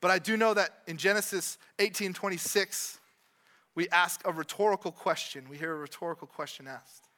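A man preaching a sermon in a conversational way, repeating phrases and dropping in quick asides. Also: sits high, bright, forceful tone. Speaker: pastor. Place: church with congregation.

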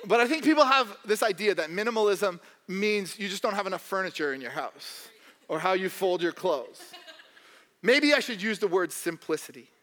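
Young male pastor, very high and bright voice, humorous sermon with mock voices, long church reverb. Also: expressive, moderate pace. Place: church hall.

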